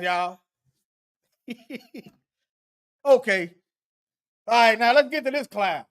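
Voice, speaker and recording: A middle-aged commentary host who reacts to clips, mocks them loudly and laughs often. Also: mid-range voice, lively intonation, extremely slow, pauses often. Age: middle-aged or older. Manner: mocking, loud, laughs often.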